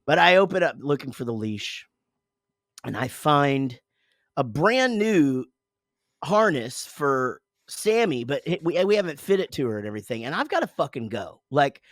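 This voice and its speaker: A man's voice: fairly high pitch, big pitch swings, normal speed, no room sound, studio quality. A man in his forties, co-hosting a casual podcast, telling a rambling, profane story about his morning with lots of self-interruptions. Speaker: podcast co-host, father.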